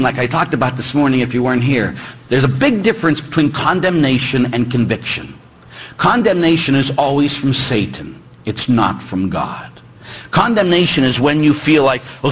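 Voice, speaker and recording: A middle-aged man, a priest, preaching a lively sermon full of teasing rhetorical questions. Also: mid-range voice, slightly rough, low-quality recording. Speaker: Catholic priest.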